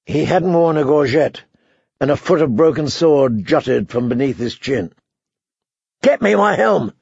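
Gravelly male audiobook narrator. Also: mid-range voice, moderate pace, dark tone, dry recording, muffled recording. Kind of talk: scripted narration.

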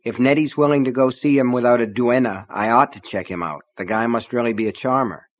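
A man's voice: medium pitch, brisk, dull audio, lightly acted. A man reading the lines of an easygoing small-town lawman with a dry, teasing manner.

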